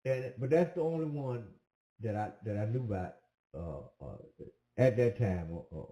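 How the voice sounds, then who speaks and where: A commentator with a warm, mid-range voice tells a personal story casually and ramblingly, hesitating often with fillers. The recording has a roomy echo.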